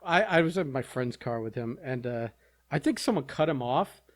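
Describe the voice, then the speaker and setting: A man's voice: mid-range voice, lively intonation, moderate pace. A man, a podcast co-host, telling a rambling anecdote in casual chat.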